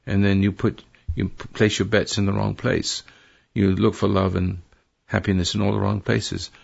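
A man's voice: lowish voice, level tone, normal speed. An older man hosting a call-in radio show, counseling a caller in a rambling, preachy way and correcting himself as he goes. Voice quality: gravelly, husky. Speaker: radio talk show host. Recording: dull lo-fi radio broadcast.

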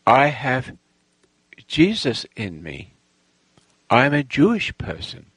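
Slow, gravelly man telling a boastful tale. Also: medium pitch, huge pitch swings, a bit bright, no room sound, low-quality recording. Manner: halting, with restarts and lost threads; boastful, self-assured storytelling. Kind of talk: rambling personal anecdote.

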